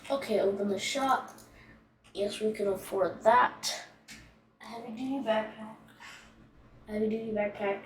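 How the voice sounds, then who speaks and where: A woman's voice: mid-range voice, fairly even intonation, a little slow, long pauses. A woman giving casual gameplay commentary as a channel host, thinking aloud in a hesitant, rambling way. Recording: echoey room, distant mic, faint noise.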